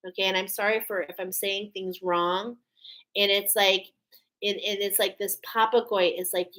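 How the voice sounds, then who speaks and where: Slow, soothing woman giving an oracle card reading. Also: medium pitch, fairly bright tone, low-quality recording. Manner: earnest, soothing, repeats "okay?".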